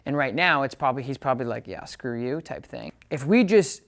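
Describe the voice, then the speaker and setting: A man's voice: medium pitch, lively intonation, brisk, vocal fry, fairly bright tone. A man working as a dog trainer, hosting a casual video lesson with an upbeat, chatty delivery. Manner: upbeat, chatty, loose with fillers and asides. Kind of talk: casual video lesson, talking to camera and a client.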